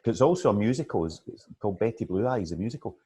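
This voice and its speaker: A middle-aged Scottish man co-hosting a podcast in casual, animated chat, laughing often. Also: on the low side, rapid-fire, husky. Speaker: podcast co-host.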